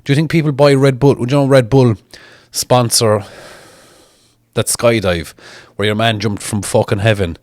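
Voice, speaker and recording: Guy reading out viewer comments, swears a lot, blunt and mocking, mid pitch, dry close mic. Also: steady tone, normal speed, a little mellow, dry recording. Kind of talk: casual chat.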